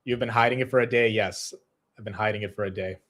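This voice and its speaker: A man's voice: fairly low pitch, fairly even intonation, fairly bright tone. A young man hosting a live stock market stream, chatting casually and laughing at himself. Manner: self-deprecating, quick-shifting, laughs at himself.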